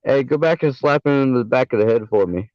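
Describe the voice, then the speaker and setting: Man, casual stream chat, rambling, lots of cursing, even mid pitch, dull dry audio. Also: a little fast, no room sound. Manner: rambling, profane, full of fillers and restarts. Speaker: panel guest.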